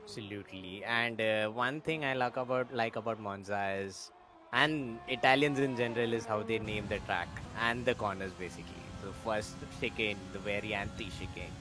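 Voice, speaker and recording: A man's voice: on the low side, moderate pace, over music. A man co-commentating a sim race, chatty and hesitant with many fillers. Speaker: co-commentator and racer.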